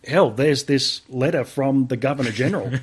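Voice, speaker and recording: A man's voice: medium pitch, normal speed, breathy edge. An Australian man, a veteran guest on a podcast, telling a story casually, acting out the dialogue and swearing freely. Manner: swears freely, animated retelling with quoted dialogue.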